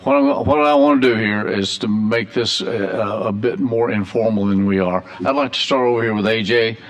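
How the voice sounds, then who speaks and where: A man chairing a legislative budget hearing in a relaxed, joking way. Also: fairly low pitch, normal speed. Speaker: committee chairman. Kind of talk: chairing a meeting.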